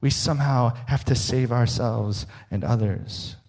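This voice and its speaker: A male pastor delivering a sermon in an earnest voice of middling pitch. He often sinks to a soft, low hush to drive a point home. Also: measured pace.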